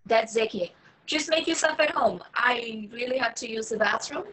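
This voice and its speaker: A woman's voice: a little high, lively intonation, moderate pace, fairly bright tone, low-quality recording. A woman reading a young woman who is breezy and teasing but secretly menacing, at a table read over a video call.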